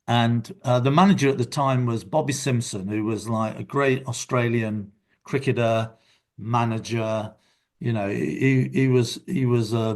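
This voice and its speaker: An older man, a guest in a casual interview, telling reflective stories from his working life. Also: medium pitch. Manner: reflective, anecdotal storyteller.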